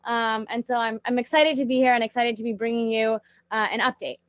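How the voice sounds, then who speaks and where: A woman presenting on a video call, eager and a little halting, with fillers and restarts. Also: fairly high pitch, steady tone, no room sound. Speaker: team member presenting. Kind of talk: virtual conference talk.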